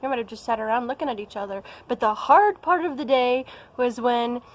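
A woman's voice: a little high, a little fast, rough recording. A young American woman talking casually in a vlog, chatty and playful. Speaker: vlogger.

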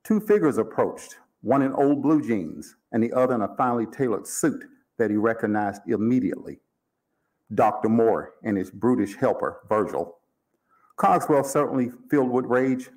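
A man's voice: medium pitch, normal speed, darkish tone. A man reading his own fiction aloud at a library event, narrating steadily.

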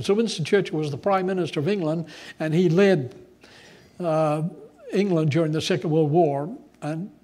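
A male pastor preaching a sermon in an animated, conversational way. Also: sits high.

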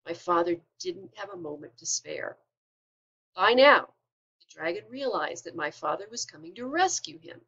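A woman teacher reading a children's storybook aloud with expressive delivery. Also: lowish voice, slightly rough, dull audio.

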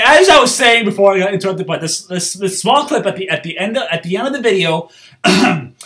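A man doing casual reaction commentary, excitable and giggly, stammering and repeating himself. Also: sits high. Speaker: reaction video host.

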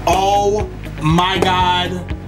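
A man reacting to a music video, with loud, gushing exclamations, frequent swearing and a camp, sassy delivery. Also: high voice, little pitch movement, drawn-out words. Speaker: YouTube reactor. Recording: voice from a distance with music clearly behind. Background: music video playing.

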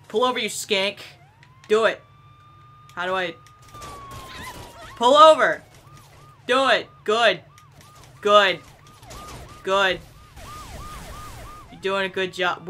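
A young woman giving casual, excitable gameplay commentary, swearing and laughing often. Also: medium pitch. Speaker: gameplay video creator.

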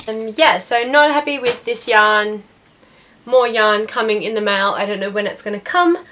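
A woman's voice: a little high, normal speed, sharp tone. A young woman, hosting her knitting podcast in a chatty, rambling way with lots of ums and restarts. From Australia. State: has the hiccups. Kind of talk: casual chat.

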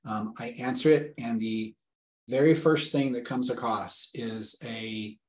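A man's voice: medium pitch, fairly even intonation, measured pace, darkish tone. A man in his forties, a father being interviewed, retelling a frightening phone call earnestly and vividly. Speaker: guest, a father telling of a scam call. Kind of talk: interview storytelling. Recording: echoey room sound.

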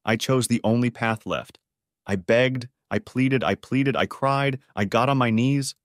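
A man reading a first-person story aloud in a dramatic, expressive way. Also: mid-range voice, measured pace, no echo, studio quality. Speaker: story narrator.

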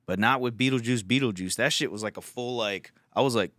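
A man's voice: mid-range voice, a little fast, fairly bright tone, no echo, clean studio sound. A young man hosting a podcast, telling a rambling, profane story in casual chat. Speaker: podcast host.

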